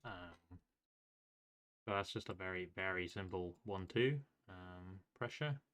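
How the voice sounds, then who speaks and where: A man's voice: low voice, takes it slowly, a bit bright. A man casually talking through game tactics in a loose, rambling way, with many fillers and self-corrections. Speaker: game strategy guide creator.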